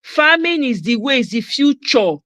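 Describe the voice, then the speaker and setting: A woman's voice: high-pitched, lively intonation, moderate pace, fairly bright tone, no echo. A Nigerian woman hosting a casual livestream chat, talking emphatically and mixing Pidgin with English. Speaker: host.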